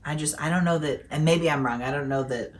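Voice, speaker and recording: A woman's voice: deep voice, fairly quick, a little hiss or hum. A young woman co-hosting a casual Q&A chat about parenting, slipping in dry joking asides. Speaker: co-host.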